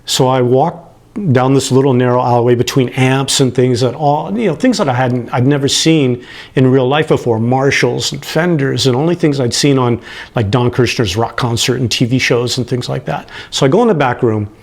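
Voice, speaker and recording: A man in his late fifties telling a personal story, animated and prone to chuckling, who gets emotional as he talks. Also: mid-range voice, normal speed, creaky. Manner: animated, acts out the people he quotes, chuckles as he talks.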